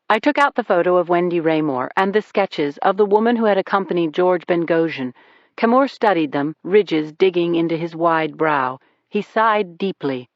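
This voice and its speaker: Audiobook narrator, wry first-person thriller read, middle pitch, lo-fi dry recording. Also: animated, moderate pace, dry recording.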